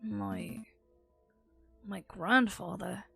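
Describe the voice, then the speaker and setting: A woman's voice: medium pitch, very slow, gravelly, pushed and bright, husky. A woman streamer reading game dialogue aloud in character, laughing along, faint game music behind.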